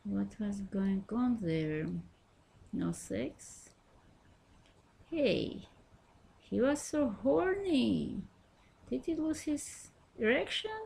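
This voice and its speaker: A woman's voice: fairly high pitch, animated, slow, vocal fry, a little mellow, breathy edge. A woman reading her own first-person memoir aloud, telling it in a wry, self-mocking way.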